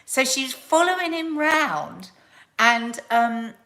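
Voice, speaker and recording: Chatty South Londoner rambling on a live stream. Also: female voice, high-pitched, slow. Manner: chatty, rambling, animated storytelling. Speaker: live show host. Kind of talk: casual live-stream chat.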